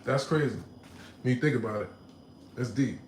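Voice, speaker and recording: A man hosting a casual livestream, reading out comments and telling a story in animated, slangy talk with laughs. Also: mid-range voice, normal speed, echoey room, a little hiss or hum, poor audio. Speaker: livestream host. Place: home room.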